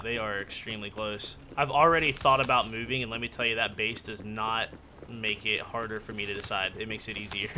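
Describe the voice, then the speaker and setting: Bright-voiced joking gamer man. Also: mid-range voice, slight background noise. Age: adult. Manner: joking, rambling, yelps when startled. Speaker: gaming YouTuber. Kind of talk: casual gaming commentary.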